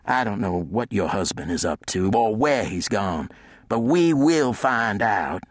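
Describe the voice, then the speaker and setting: A man's voice: fairly low pitch, animated, a little slow, dry recording, studio quality, voice pushed up. A man voicing a big, bullying brawler who threatens in a hard voice. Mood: menacing. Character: big menacing brawler man, local watchman.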